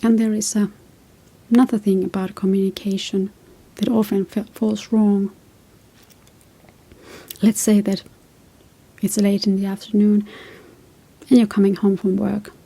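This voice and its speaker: Husky, gravelly woman giving gentle advice. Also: medium pitch, level tone, measured pace, pauses often. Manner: reflective, tells personal stories. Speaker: relationship advice host. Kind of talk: casual advice talk.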